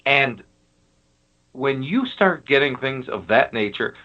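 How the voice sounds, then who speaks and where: A man, a guest on a paranormal talk show, telling his stories in an animated, emphatic casual chat. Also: medium pitch, takes it slowly, lo-fi sound.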